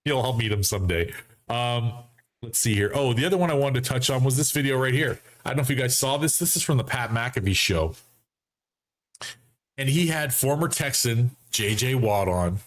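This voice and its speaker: A man hosting a casual football fan show for a live audience, animated and mocking, acting out friends he quotes. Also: mid-range voice, moderate pace. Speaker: sports fan show host. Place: home studio setup.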